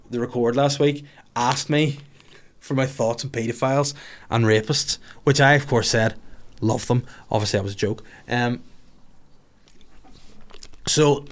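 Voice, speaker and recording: A man hosting a podcast in casual comedic chat, reading out listener questions with crude, sarcastic humour and frequent swearing. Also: medium pitch. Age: older than the others, adult.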